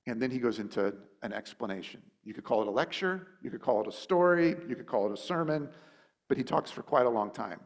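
A man preaching, mid-pitched, chatty and informal. He thinks aloud as he teaches, circling back with restarts and fillers. Now and then he jumps into lively character voices for quotes. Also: quick pace, creaky. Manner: acts out quotes with sudden high, animated voices. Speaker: pastor. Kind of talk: conversational sermon.

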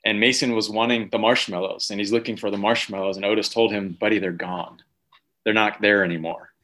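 A pastor in his thirties preaches an Easter sermon over a video call, sharing a family story conversationally before reading Scripture aloud. His voice is fairly low with fairly even intonation, bright and forceful, and he talks fast.

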